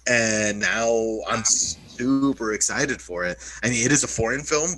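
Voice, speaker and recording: Bright-voiced man, loose podcast chat. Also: on the low side, a little slow, a little hiss or hum, low-quality recording. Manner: loose, profanity-laced, many filler "like"s.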